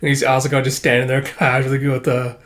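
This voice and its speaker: Casual male manga channel host, rambling reader, loose delivery, middling pitch. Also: completely flat delivery, fast talker, a bit bright. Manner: rambling with frequent "uh" and "like". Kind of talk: casual read-through and commentary.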